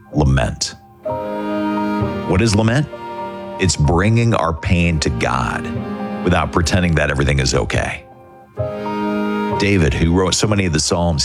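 A man giving an earnest, pastoral devotional talk on the radio, gently asking rhetorical questions. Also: sits low. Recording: music bed underneath.

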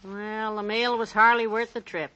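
A woman's voice: mid-range voice, flat delivery, moderate pace, lo-fi sound, lightly acted. A woman playing a cheerful teasing wife. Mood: playful. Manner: bright, playful, laughs at her own puns. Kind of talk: 1940s radio acting.

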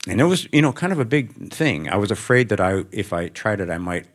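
Very deep-voiced older man, reflective. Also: sing-song, brisk. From American Midwest. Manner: reflective, anecdotal, gently humorous. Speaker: author guest. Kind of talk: onstage conversation before an audience.

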